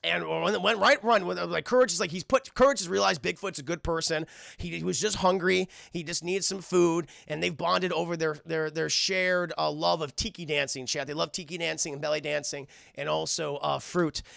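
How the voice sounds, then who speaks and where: A man recaps a cartoon for his chat in a casual, rambling, profane way. His voice is high, very gravelly and bright, and the sound is dry and close. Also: steady tone, normal speed, no room sound. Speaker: streamer reviewing cartoons.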